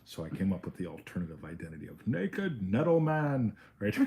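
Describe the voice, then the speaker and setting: A man from the United States co-hosting a casual chat show, telling animated stories, swearing and acting out other people's voices. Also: on the low side, normal speed. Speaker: podcast co-host.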